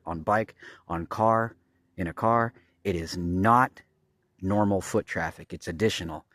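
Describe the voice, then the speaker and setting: A man's voice: low voice, dry recording, studio quality. A man filming a rambling, agitated vlog outdoors at a campground, swearing often and pointing things out to his viewers. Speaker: vlogger.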